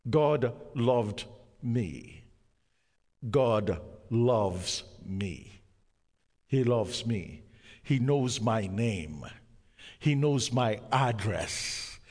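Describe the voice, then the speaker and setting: A man preaching a sermon, slow and emphatic, with dramatic pauses, rising to a strong voice and dropping to a near-whisper. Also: mid-range voice, lively intonation, a little mellow, husky. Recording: long hall reverb.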